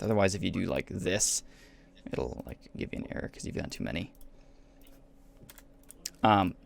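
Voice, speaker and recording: Gravelly low-voiced male game master. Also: a bit bright, slight background noise. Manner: patient, hesitant with many ums. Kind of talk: explaining rules over voice chat.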